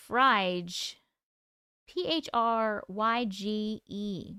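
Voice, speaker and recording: A woman's voice: medium pitch, animated, takes it slowly, bright, forceful tone, smooth, no echo, clean studio sound. A woman hosting a casual livestream, reading out viewer comments and greeting people by name in a chatty, affectionate way. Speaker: livestream host.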